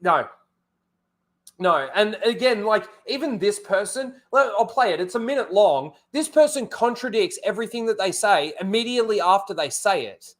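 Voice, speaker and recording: A man hosting a live-stream chat show, talking in an animated way and often repeating words as he starts a thought. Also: sits high, normal speed. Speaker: podcast host.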